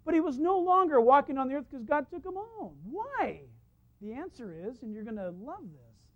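A man's voice: very high voice, moderate pace. Guy pastor preaching, tells stories and chuckles at them, kinda dull lo-fi recording. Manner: storytelling, lively, laughs at his own stories. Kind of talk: sermon. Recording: dull lo-fi sound.

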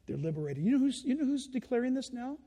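Animated preacher man in a reverberant hall. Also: very high voice, fast talker, husky. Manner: animated, acts out children's voices, laughs while preaching. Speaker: pastor. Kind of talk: sermon.

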